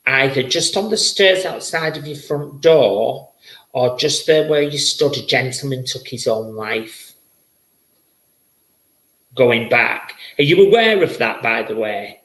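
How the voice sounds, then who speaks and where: A man's voice: mid-range voice, fairly bright tone, reverberant, low-quality recording. A man hosting a live-streamed spirit reading as a psychic medium, chatty and effusive, often repeating his words.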